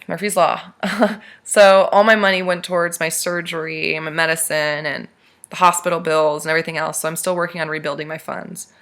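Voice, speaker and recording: Bright-voiced woman vlogger rambling. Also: deep voice, brisk. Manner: rambling, animated retelling of a dream. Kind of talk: casual storytelling to camera.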